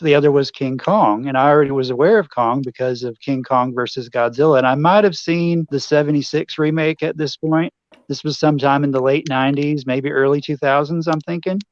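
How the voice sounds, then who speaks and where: A man's voice: on the high side, fairly quick, no echo. A man hosting a casual chat, easygoing, peppering his speech with "uh" and "you know". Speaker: podcast host. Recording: slightly dull lo-fi audio.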